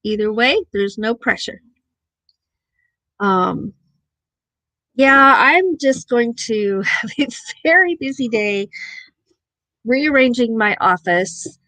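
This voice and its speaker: Relaxed woman chatting on a home live stream. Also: on the high side, takes it slowly, long pauses, no echo. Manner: relaxed, easygoing, many ums. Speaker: host of a live morning talk stream. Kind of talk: casual live-stream chat. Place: her home office.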